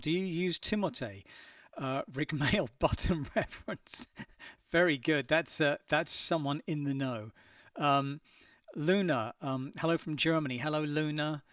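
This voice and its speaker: A man's voice: on the high side, fairly bright tone, no echo, clean studio sound. Male host, casual stream chat, friendly and hesitant, mic a little far off. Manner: friendly, chatty, hesitant with many ums. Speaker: host reading viewer comments.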